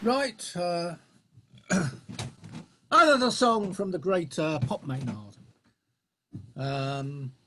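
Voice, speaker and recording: A man's voice: high voice, expressive, drawn-out words, long pauses, bright, forceful tone, slight background noise. A man introducing an old English folk song with a few fillers, then singing it unaccompanied on a home video call. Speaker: folk singer.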